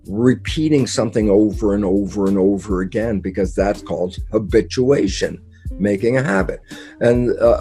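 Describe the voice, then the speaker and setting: Male interview guest with a mellow, mid-pitched voice. Lively storyteller who acts out his own quotes, over faint background music. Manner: emphatic and repetitive, with occasional laughs and mild swearing. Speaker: guest speaker, biologist. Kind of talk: conversational explanation in an interview.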